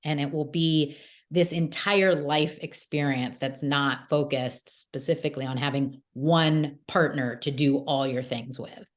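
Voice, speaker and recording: A woman's voice: low voice, fairly even intonation, a little slow. A young adult woman hosting a podcast, telling a personal story in a chatty way with lots of fillers. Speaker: podcast host. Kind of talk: casual podcast conversation.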